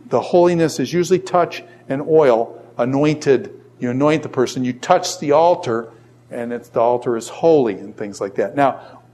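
A middle-aged man teaching a Bible class in a classroom. He asks the class questions and answers them himself, and tells stories with jokes and asides. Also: fairly high pitch. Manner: animated storytelling with jokes and asides. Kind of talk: lively classroom lecture.

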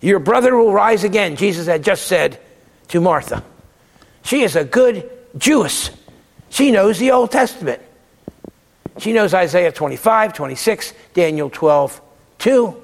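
A man's voice: high voice, sing-song, measured pace, gravelly, pauses often, in a large hall. A man giving a Bible lecture, emphatic and repeating words to stress his points. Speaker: theology lecturer.

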